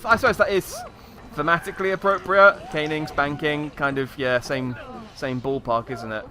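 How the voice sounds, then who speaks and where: A man's voice: on the high side, moderate pace, sharp tone. A man giving a chatty, wry running let's play commentary, hesitating as he thinks aloud. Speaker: gaming YouTuber.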